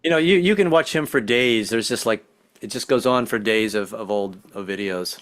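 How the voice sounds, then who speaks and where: A man doing a rambling stand-up comedy set over a video call, slipping into quick impressions. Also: lowish voice, fairly bright tone.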